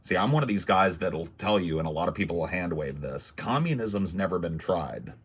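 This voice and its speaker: Podcast host, male, low husky gravelly voice, emphatic ranter who swears. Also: fast talker. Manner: emphatic, ranting, swears freely. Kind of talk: casual political podcast talk.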